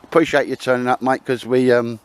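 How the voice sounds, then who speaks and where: A man's voice: medium pitch, fairly even intonation, fairly quick, smooth. A man, chatting and bantering with mates outdoors, laughing often. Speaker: channel host. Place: outdoors in woods.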